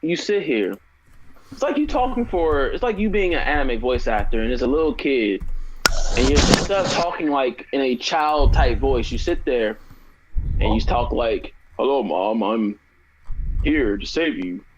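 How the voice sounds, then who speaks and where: A man co-hosting a casual podcast chat, animated and swearing often, with stumbling restarts. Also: medium pitch, normal speed, highs cut off, noisy background. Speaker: podcast co-host.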